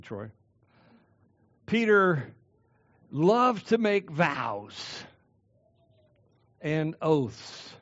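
A male pastor preaching a sermon, emphatic, with dramatic pauses and sudden drops and rises in volume. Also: high voice, no room sound, muffled recording.

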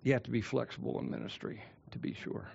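A man preaching a sermon as a pastor, swinging between loud declarations and hushed, drawn-out phrases. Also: medium pitch, big pitch swings, creaky, slightly rough, dull audio.

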